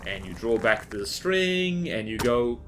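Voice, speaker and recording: A man's voice: medium pitch, sing-song, unhurried, fairly bright tone, a little hiss or hum. A man giving casual gameplay commentary as a YouTuber, talking in a chatty, rambling, self-deprecating way with lots of fillers. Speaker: gaming YouTuber.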